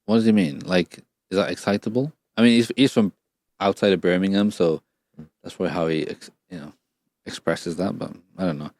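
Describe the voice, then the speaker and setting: A man's voice: sits low, lively intonation, fairly quick, vocal fry, darkish tone, no echo, clean studio sound. A man co-hosting a podcast, swearing and mocking as he reacts to a documentary in casual chat. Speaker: podcast co-host.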